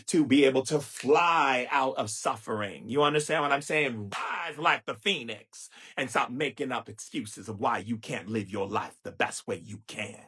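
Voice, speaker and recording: A man giving a live spiritual talk, playful and theatrical, with sudden jumps in pitch and drawn-out chanted phrases. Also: fairly bright tone, breathy edge. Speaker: spiritual teacher.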